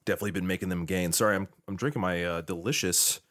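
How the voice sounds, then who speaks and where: A man's voice: deep voice, quick pace, fairly bright tone. Rambling, swearing podcast co-host, male. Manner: rambling storyteller, swears freely. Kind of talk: casual podcast chat.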